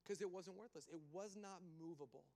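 A pastor preaching in a lively, conversational way, with storytelling and asides to the crowd. His voice sits very high for a man. The sound carries a long reverb from a large church hall. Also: brisk. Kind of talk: sermon.

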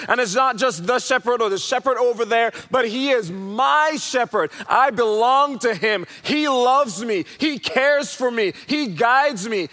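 A man delivers an earnest, emphatic sermon, leaning on repeated phrases. His voice sits high and bright. The sound carries the long reverb of a church hall. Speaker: pastor.

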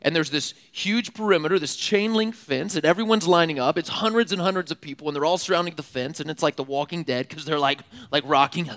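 A young man giving a sermon as a youth speaker, telling funny stories in an animated, laughing way with casual slang. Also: on the high side, moderate pace. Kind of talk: storytelling sermon. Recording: long hall reverb.

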